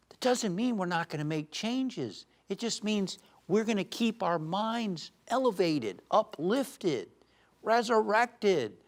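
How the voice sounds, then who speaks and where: A man giving an uplifting sermon as a spiritual teacher, animated and shifting between loud emphasis and soft calm, who tells jokes. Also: sits high. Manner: tells jokes with acted voices.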